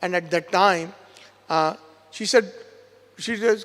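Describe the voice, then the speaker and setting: A man's voice: high voice, measured pace, pauses often, a bit bright, in a large hall. A man giving a devotional lecture who retells a scripture story and quotes each character in turn. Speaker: spiritual teacher giving a seminar. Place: temple lecture hall.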